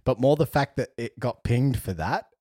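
A young man co-hosting a podcast, telling a travel story in an animated way, laughing often and acting out what people said. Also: medium pitch, moderate pace. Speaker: podcast co-host. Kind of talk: casual storytelling chat.

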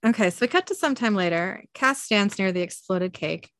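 A woman reads out a television episode's scenes one after another and drops in filler ums and uhs as she goes. Her voice sits at a middle pitch. The sound is dry and close. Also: animated, moderate pace, fairly bright tone, dry recording. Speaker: podcast host narrating a TV episode. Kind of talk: reading a scene-by-scene recap with chat.

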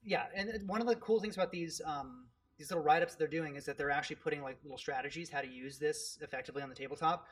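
A man with a fairly high voice talks fast and casually, explaining tabletop wargame rules. He fills his sentences with ums and uhs as he goes. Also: fairly bright tone. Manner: quick, filler-heavy explaining with many ums. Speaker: podcast co-host.

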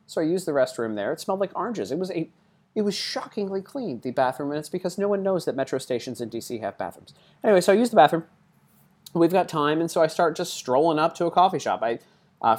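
A man telling a personal story in a casual, chatty way, full of side remarks and fillers. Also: medium pitch. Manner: chatty, digressive asides and frequent fillers.

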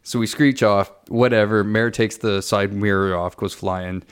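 A Canadian man in his thirties co-hosts a podcast, his lowish voice smooth, unhurried, and fairly even in intonation. He's casually telling a long travel anecdote, full of rambling asides and self-corrections.

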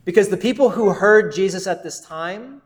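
A man's voice: sits high, moderate pace, reverberant. A man, a pastor, preaching a sermon in an earnest, conversational way, often asking his listeners rhetorical questions.

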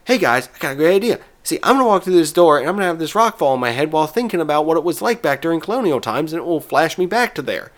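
A man's voice: fairly high pitch, sing-song, very fast, hardly any pauses, pitched above the performer's own voice. A man doing a whiny bratty cartoon boy. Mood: scheming.

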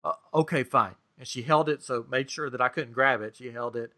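A man's voice: mid-range voice, a little fast. A man co-hosting a podcast, casually retelling a frustrating experience with lots of quoted back-and-forth. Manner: animated, exasperated retelling with quoted dialogue. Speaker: podcast co-host. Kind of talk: casual storytelling chat.

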